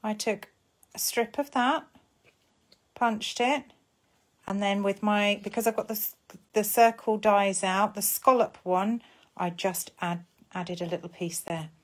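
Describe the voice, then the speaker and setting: A woman's voice: medium pitch, measured pace. A woman with an English accent chatting casually while she makes a craft live, talking to herself as she works. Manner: chatty, talks to herself while working, drops to soft murmurs. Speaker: papercraft host.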